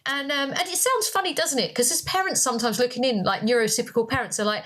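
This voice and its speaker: A woman's voice: sits high, quick pace, few pauses, a bit bright. A woman co-hosting a podcast, rambling through a personal story with many fillers and restarts, close to tears. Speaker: podcast co-host.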